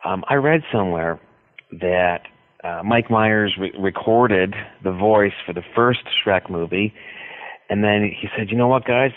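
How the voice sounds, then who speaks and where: A man being interviewed as an author, talking in a rambling, hesitant way with many pauses. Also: fairly low pitch, dry recording. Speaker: author guest. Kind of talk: radio interview by phone. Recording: tinny phone line.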